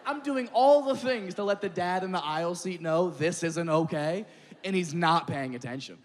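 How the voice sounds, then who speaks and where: A man doing stand-up on stage, telling crude stories at a quick clip. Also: high-pitched, long reverb tail, slight background noise. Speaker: stand-up comedian. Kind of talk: stand-up routine. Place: comedy stage with live audience.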